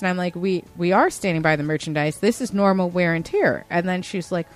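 A woman's voice: lowish voice, fairly quick. A woman in her thirties casually telling a story, mimicking the people in it with lots of "like" fillers. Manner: animated, acts out customers in quoted voices, many "like" fillers. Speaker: podcast co-host telling a retail story.

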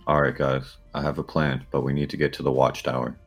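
A man's voice: extremely low pitch, little pitch movement, fairly quick, vocal fry, faint music behind. A man playing a tabletop game, laying out plans and asking questions. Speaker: player.

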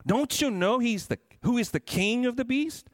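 A man's voice: very high-pitched, animated, moderate pace, dry recording, studio quality, voice pushed up. A pastor reading aloud, putting on the voice of a stern, emphatic male beaver from a storybook.

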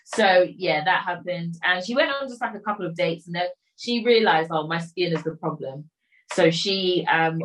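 Casual woman, lowish voice, rambling recap full of quoted lines. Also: fairly bright tone, low-quality recording. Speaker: storyteller recapping a film. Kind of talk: casual chat.

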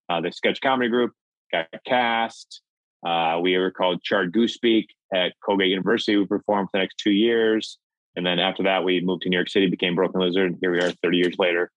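Low-voiced middle-aged comic storyteller from Minnesota, dry muffled call sound. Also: male voice, dry recording. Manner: acts out voices in his anecdotes, excitable. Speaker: guest, comedic actor and filmmaker. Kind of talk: animated storytelling. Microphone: video call.

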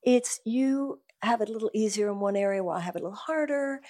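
A woman speaking as a guest at a live event, talking about spiritual life in an earnest, animated, emphatic way. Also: a little high, quick pace. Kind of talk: conversational talk at a live event.

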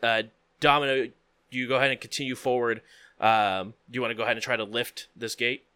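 Bright, crisp game master narrating. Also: male voice, mid-range voice, fairly even intonation, no echo. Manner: descriptive, halting with many fillers.

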